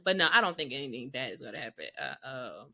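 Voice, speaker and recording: A woman's voice: a bass voice, fast. A woman co-hosting a faith podcast, chatting casually and laughing often. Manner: lively, laughing, Southern US slang. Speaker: podcast co-host. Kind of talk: casual chat.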